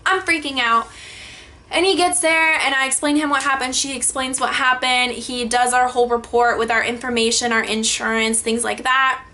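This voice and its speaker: Bright, high-voiced young woman vlogging. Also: normal speed. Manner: animated, frequent swearing, many filler likes. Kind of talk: storytime vlog.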